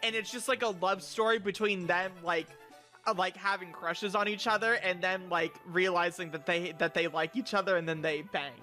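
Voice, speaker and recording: A man's voice: high voice, fairly even intonation, moderate pace, pushed and bright, faint music behind. A young man streaming in a casual chat. He rambles, stammers and swears crudely, now and then bursting into mock outrage. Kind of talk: casual stream chat, reviewing viewer picks.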